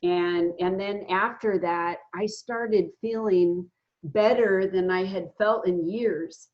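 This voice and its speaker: Earnest woman in her fifties, halting. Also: mid-range voice. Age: 50s. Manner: earnest, halting, many fillers and restarts. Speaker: guest sharing a recovery story. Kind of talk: casual spoken testimony. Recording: dull lo-fi sound.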